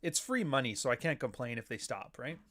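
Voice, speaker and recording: A middle-aged Canadian man hosts a casual livestream, wandering from one point to the next, swearing freely and keeping a dry, sardonic tone. His voice is mid-pitched for a man, a bit bright and fairly quick, with lively intonation.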